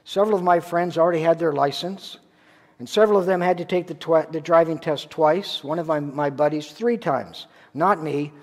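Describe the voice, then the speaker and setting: A man's voice: fairly high pitch, normal speed. A man from Ontario, Canada, preaching a sermon as a pastor, telling a story in a conversational way with rhetorical questions. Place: church sanctuary. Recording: long church reverb.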